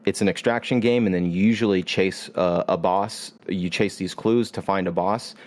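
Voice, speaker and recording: A man with a deep, steady, slightly mellow voice hosts a casual podcast chat about games, speaking at normal speed. He explains a video game at length, with plenty of filler words.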